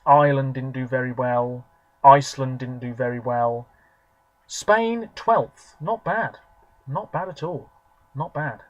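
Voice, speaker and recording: A man's voice: mid-range voice, unhurried, no echo, lo-fi sound. A man in his twenties, rambling chattily with lots of fillers as he reviews something on camera. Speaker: video reviewer. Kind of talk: casual solo review monologue.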